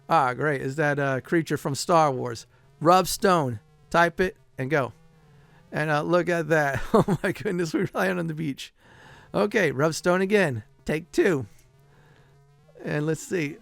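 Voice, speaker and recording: A middle-aged man talks his way through a retro game playthrough in a loose, chatty way, full of "uh" fillers and chuckles. His voice is smooth and clear, sitting a little high for a man. The sound is dry and close, with no room around it. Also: normal speed, no room sound. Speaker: gameplay commentator. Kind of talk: casual game playthrough commentary.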